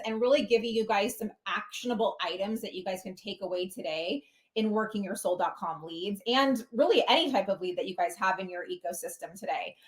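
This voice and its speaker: A woman hosting a webinar, introducing the guest speaker in an upbeat, friendly way. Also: medium pitch. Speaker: webinar host.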